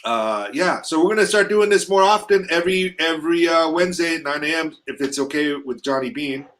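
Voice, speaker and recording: Male live-stream host, slightly high, stuffy-nosed, rambling and profane. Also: a little fast. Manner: loose, profane, rambling shout-outs. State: stuffy from allergies. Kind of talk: casual live-stream chat.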